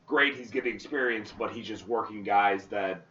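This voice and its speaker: A man's voice: fairly low pitch, moderate pace, bright, forceful tone. A man co-hosting a podcast, explaining his views at length in casual chat. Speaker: podcast co-host. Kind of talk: casual chat about local wrestling. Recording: roomy, distant, muffled.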